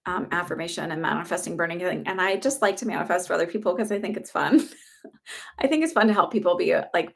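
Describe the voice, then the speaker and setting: A woman's voice: lowish voice, vocal fry, fairly bright tone. Chatty woman psychic on a livestream. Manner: chatty, reassuring, heavy use of "like" fillers. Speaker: psychic medium giving live readings. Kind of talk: casual livestream reading.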